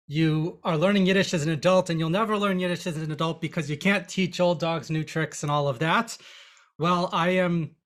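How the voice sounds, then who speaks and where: A language teacher giving a lecture in a chatty, animated way, with frequent restarts. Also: mid-range voice. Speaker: Yiddish teacher. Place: online lecture.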